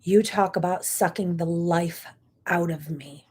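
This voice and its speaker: A woman's voice: on the low side, steady tone, unhurried, a little mellow, breathy edge. A middle-aged woman hosting a talk show, telling a personal story in an earnest, emotional way with many asides. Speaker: host.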